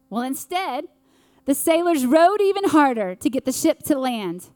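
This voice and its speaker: A woman preaching an earnest sermon with dramatic pauses. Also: high-pitched, very animated, a little mellow, dry recording.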